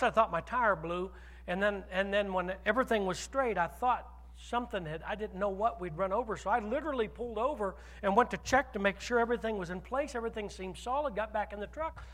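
A man preaching a sermon as pastor, telling a personal story with animated swings from loud declarations to hushed asides. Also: high-pitched, long reverb tail.

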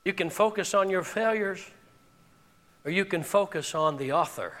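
Fervent male preacher, bright and forceful tone, rising to shouts then dropping low. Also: moderate pace. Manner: impassioned, exhorting, swinging between shouts and hushed tones. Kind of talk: sermon.

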